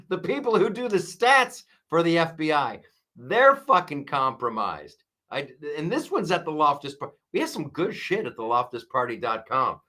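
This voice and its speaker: Bright-voiced man ranting sarcastically. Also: fairly high pitch. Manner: mocking mimicry of opponents. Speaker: show host. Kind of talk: political commentary monologue.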